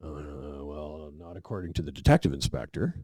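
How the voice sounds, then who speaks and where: Middle-aged man with a very deep, gravelly voice, relaxed podcast guest spinning anecdotes and playing out the dialogue. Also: moderate pace, no room sound, clean studio sound. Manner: relaxed anecdotal storyteller, acts out quoted dialogue. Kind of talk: casual storytelling interview.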